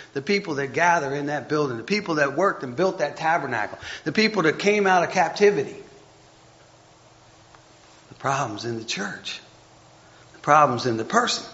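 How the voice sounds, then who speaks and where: A man's voice: a little high, a bit bright. A man giving a conversational sermon, chatty and self-deprecating, reading scripture aloud and stumbling over the text as he goes. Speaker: preacher. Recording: dull lo-fi recording.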